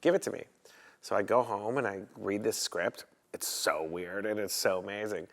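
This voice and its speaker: A man's voice: on the low side, normal speed. A man from Chicago, a photographer guest, telling anecdotes in a casual interview and acting out the other people in them. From Chicago, USA. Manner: animated storyteller who acts out other people's lines.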